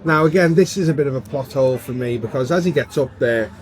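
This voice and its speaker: Brit guy, podcast co-host, mid-pitched, relaxed plot recap, lots of ums. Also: quick pace. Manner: easygoing, many fillers, points out plot holes. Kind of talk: casual film chat, recapping the plot.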